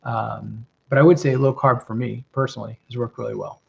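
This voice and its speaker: A middle-aged man with a mild metropolitan Southern American accent hosts a casual livestream, reading viewer questions and giving advice in a relaxed, reflective way full of ums and rights. His medium-pitched, gravelly voice runs a little fast, over slightly dull lo-fi stream audio with slight background noise.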